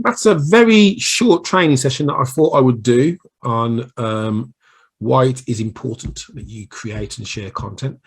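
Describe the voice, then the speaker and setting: A man with a Brummie accent giving a casual solo video training on marketing, chatty and rambling with self-deprecating asides. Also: medium pitch. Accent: Birmingham English (Brummie). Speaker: small business marketing coach. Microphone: recording himself on camera.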